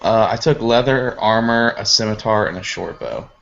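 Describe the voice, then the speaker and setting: A man's voice: fairly low pitch, moderate pace, vocal fry, a bit bright, slight background noise. A man playing a tabletop game, speaking hesitantly with many likes. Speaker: player. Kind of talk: casual tabletop game play. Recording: dull lo-fi sound.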